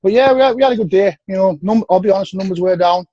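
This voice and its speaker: A man with a North East English accent, speaking frankly and easily as a guest on a podcast, often sinking into low, tired tones. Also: fast talker, no echo. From North East England. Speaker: guest bodybuilder. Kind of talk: casual podcast interview. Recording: dry, dull lo-fi sound.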